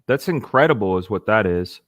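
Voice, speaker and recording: Low-voiced excited male stream host. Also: no echo, clean studio sound. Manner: enthusiastic, eating while talking, halting restarts. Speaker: livestream host. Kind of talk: casual livestream chat.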